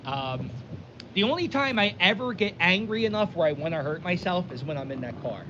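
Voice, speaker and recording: Speaking a little fast, a man from Philadelphia tells a rambling, self-interrupting story for his vlog, sounding fairly high-pitched and very animated. He's outdoors by the water, and a lo-fi mic gives dull sound with clear wind and boat noise behind him.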